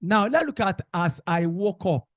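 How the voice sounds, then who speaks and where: A man's voice: high voice, expressive, unhurried, no room sound, studio quality. A man teaching a revision class, calling out questions and repeating the answers in call-and-response drills.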